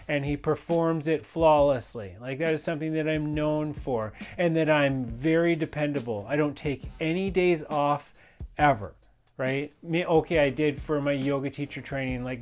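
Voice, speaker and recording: A man speaking with a slightly raised pitch, telling a personal story with steady intensity. He rambles and restarts often, filling gaps with "you know" and "like". Faint music plays softly behind him. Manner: intense and emphatic, rambling with many fillers and restarts. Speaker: fitness and yoga instructor sharing personal stories.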